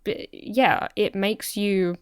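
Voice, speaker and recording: A woman's voice: mid-range voice, slow, clean tone, no echo. Chill podcast co-host lady, medium voice, dry close mic. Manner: relaxed, easygoing, lots of agreeing. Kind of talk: casual advice chat. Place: remote recording, long distance.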